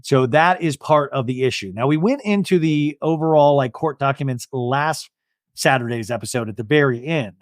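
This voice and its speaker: A young adult man hosts a podcast, giving a casual, jokey recap of a TV episode in a medium-pitched voice at normal speed. He's animated and acts out quotes, recorded in studio quality with no room sound.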